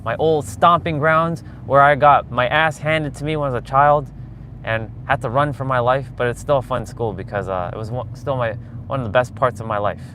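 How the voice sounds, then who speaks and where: Casting: man in his forties, rambling live-stream host, mid pitch, talking from a car with clear road noise. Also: normal speed, fairly bright tone. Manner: rambling, chatty, talks to viewers. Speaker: vlogger. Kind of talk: casual live-stream chat while driving. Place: in a car on city streets.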